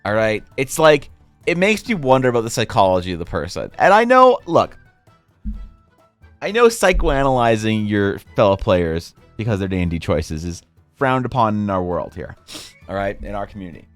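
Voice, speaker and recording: A man's voice: lowish voice, normal speed, no room sound. Male streamer, casual chat, rambling, swears a lot, dry close sound, faint music behind. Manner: rambling, profane, animated.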